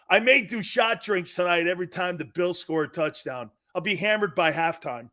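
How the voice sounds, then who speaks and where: A man hosts a live sports talk show in a brash, trash-talking way, often breaking into laughter. His voice sits high for a man and has a bright, forceful edge. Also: moderate pace, few pauses. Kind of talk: live sports radio show reading listener chat.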